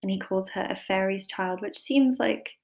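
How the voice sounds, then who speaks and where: A woman's voice: medium pitch, normal speed, gravelly, darkish tone. A woman giving a casual online English literature lesson, chatty and informal with lots of fillers and some self-deprecating humour.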